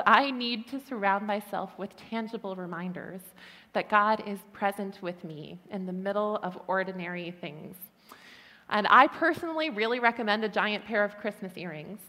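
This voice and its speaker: A woman's voice: medium pitch, fairly bright tone. Woman preaching in a reverberant hall. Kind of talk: sermon. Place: church hall.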